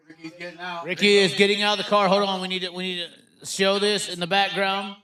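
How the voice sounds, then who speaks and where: A man hosting a casual live stream, rowdy and crude, joking around with sudden excited outbursts. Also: high-pitched, fairly quick. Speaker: livestream host.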